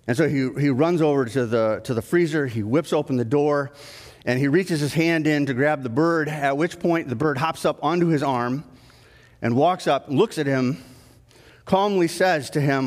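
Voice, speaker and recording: A male pastor giving a sermon, telling stories in a conversational way that grows lively at the story's climax. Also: a little high, moderate pace. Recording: long reverb of a church hall.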